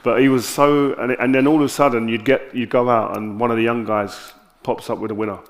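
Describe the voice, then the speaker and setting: A man with a South London accent, an interview guest telling candid stories on stage with animated, lively quoted dialogue. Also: mid-range voice, a little fast. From South London, England.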